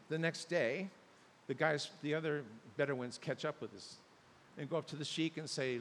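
A man preaching a sermon, telling stories and building to loud, emphatic peaks. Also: fairly high pitch, moderate pace. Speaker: pastor. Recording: long hall reverb, faint hiss.

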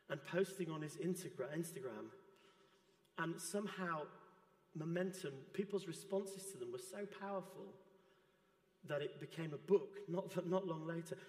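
A man preaching a sermon in a church, his voice sitting a little high for a man. He speaks in a gentle, earnest way. The sound rings with long echo around a big hall.

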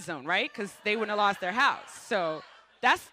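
A woman from the United States giving a missionary testimony, telling her story with lively, playful asides. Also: mid-range voice, a little slow, a little hiss or hum. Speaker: missionary speaker. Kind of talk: testimony to a congregation.

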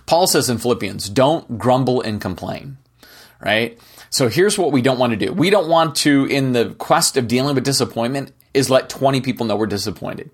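Speaking at a normal pace with an expressive, mid-range voice that has a breathy quality, a middle-aged man offers a relaxed Christian teaching on his podcast. His tone is sincere and chatty, and he tends to close points by asking "right?".

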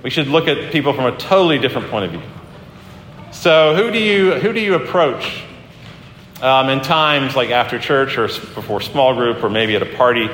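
A man's voice: mid-range voice, expressive, normal speed, fairly bright tone, slight background noise. A male pastor giving a sermon in an earnest, conversational way, often restarting his sentences. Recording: echoey hall with faint ambience.

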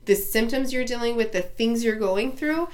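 A congested woman chatting as a podcast guest in an upbeat, warm-hearted way. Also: fairly high pitch, normal speed. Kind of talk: casual chat.

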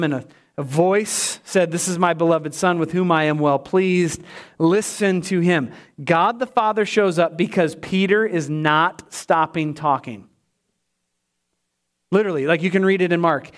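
A pastor with a high voice delivers a sermon, animated as he swings between loud, emphatic lines and hushed, quiet ones.

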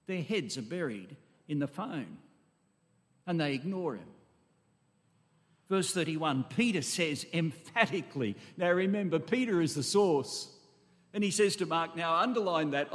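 A man's voice: high voice, lively intonation, normal speed. A man preaching an expository sermon, emphatic and full of rhetorical questions and asides to his congregation. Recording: long echo of a large hall.

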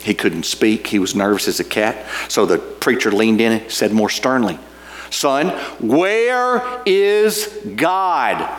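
A man's voice: on the low side, normal speed, few pauses. A man preaching a sermon, reading scripture and telling a folksy story with frequent fillers and repeats. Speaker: pastor.

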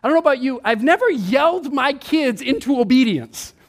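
A man delivering a sermon in a high, bright-sounding voice. He is playful and animated, acting out his own inner thoughts, then sinks to a hushed tone when he quotes scripture. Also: fairly quick. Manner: animated, playful, mimics himself and others, drops to a hushed tone on scripture. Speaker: pastor.

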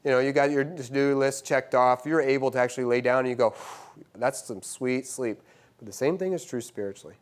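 Animated male preacher delivering a sermon. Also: mid-range voice, fast talker, few pauses, clear, resonant tone. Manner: animated preaching with big swings between loud and hushed; repeats words and restarts phrases. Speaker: university teacher.

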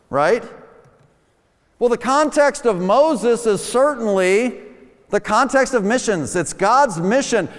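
A man's voice: high voice, long reverb tail. A man preaching a sermon in a conversational style, asking rhetorical questions and quoting scripture.

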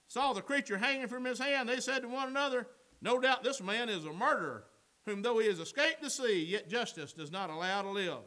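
Preacher guy, really high voice, bright and sharp, shouts then jokes around. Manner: preaching with rising shouts and folksy asides. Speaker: pastor. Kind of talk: sermon.

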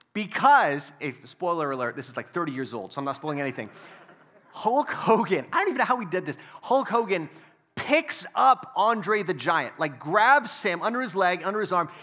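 A man preaching a sermon, telling a story casually and then building to loud, emphatic preaching. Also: high voice. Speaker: pastor.

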